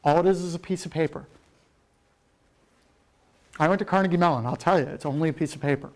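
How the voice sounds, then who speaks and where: A man's voice: on the high side, quick pace. A middle-aged man giving a keynote, rambling with lots of fillers and the odd swear word. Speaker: keynote speaker. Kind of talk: rambling conference talk.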